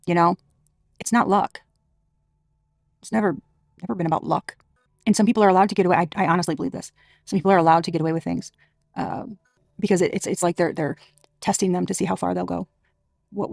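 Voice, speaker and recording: A woman's voice: on the low side, creaky, darkish tone, dry recording, studio quality. A woman giving a casual spiritual tarot reading to her viewers, chatty and emphatic, laughing often and swearing freely. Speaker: tarot reader.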